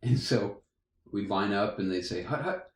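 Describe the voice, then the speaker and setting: A man's voice: on the low side, fairly even intonation, moderate pace. A young man casually telling a funny story as podcast co-host, laughing often. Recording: echoey room.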